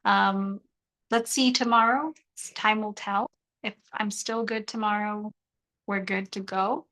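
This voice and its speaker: A woman's voice: medium pitch, fairly even intonation, unhurried, fairly bright tone, low-quality recording. A young woman hosting a casual live stream, joking and reading the chat aloud while half of her mouth is still numb from dental surgery. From South Africa.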